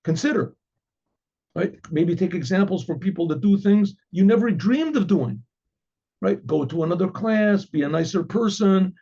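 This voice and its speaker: A man's voice: high-pitched, expressive, moderate pace, warm tone, husky. A man, a rabbi, teaching an informal Torah class in a chatty way, playing both sides of an inner dialogue and reading Hebrew lines before translating them. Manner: repeats and restarts phrases, reads Hebrew then translates. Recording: dull lo-fi recording.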